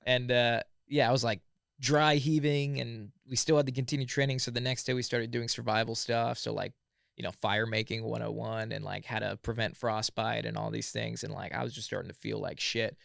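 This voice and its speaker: A man in his thirties with a heavily gravelly, fry-laden voice spins loose stories as a podcast guest, peppering everything with "like." The sound is close and dry, with no room around it. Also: medium pitch, level tone, brisk, fairly bright tone, dry recording. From Southern California. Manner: laid-back, full of "like" and "yeah, yeah, yeah". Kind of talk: casual storytelling chat.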